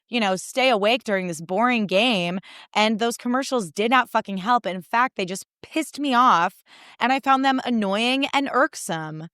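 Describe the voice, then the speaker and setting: A young woman hosting a chatty solo podcast, her voice smooth and clear with a dry, close sound. She rants with animated, sarcastic energy and swears freely. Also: mid-range voice, dry recording. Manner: animated, sarcastic, profane ranting. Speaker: podcast host. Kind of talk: casual solo podcast chat.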